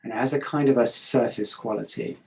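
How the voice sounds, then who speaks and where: Calm, measured man giving a talk. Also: medium pitch, gravelly, rough recording. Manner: calm, measured, with frequent hesitations. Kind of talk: reflective talk.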